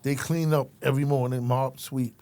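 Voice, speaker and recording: Warm and mid-range, with fairly even intonation and a moderate pace, this middle-aged man's voice carries a lively story from his days as a correctional officer. He's profane and streetwise, repeating the listener's name and playing the characters himself in this casual chat.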